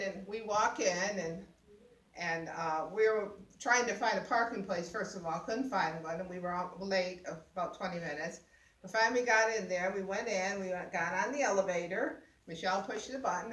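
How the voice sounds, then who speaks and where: A woman's voice: medium pitch, fairly bright tone. Older woman telling a story, roomy sound. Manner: laughing, exclaiming, acts out voices. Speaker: guest sharing a personal story. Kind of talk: animated storytelling. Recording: roomy sound, mic at a distance.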